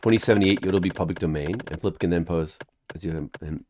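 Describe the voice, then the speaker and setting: A man's voice: low-pitched, fast talker, noisy background. A man streaming a video game who rambles in a goofy, joking way and talks to his chat. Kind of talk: casual game-stream chatter.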